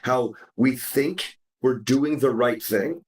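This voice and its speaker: A man's voice: medium pitch, takes it slowly. Man on a roomy, distant mic. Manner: animated, acts out quoted dialogue, swears casually. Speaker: podcast host. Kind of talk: casual chat.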